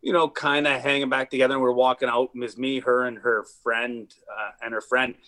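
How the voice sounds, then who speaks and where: A man's voice: medium pitch, a little fast. A man in casual podcast chat, telling long rambling stories with lots of swearing and fillers. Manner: rambling, profane, animated storytelling.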